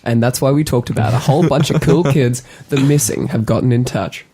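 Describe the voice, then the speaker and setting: A man's voice: mid-range voice, a little fast, mellow, husky, faint music behind. Dry-joking young male radio co-host. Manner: dry, jokey, breaks into bits and voices. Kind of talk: casual banter.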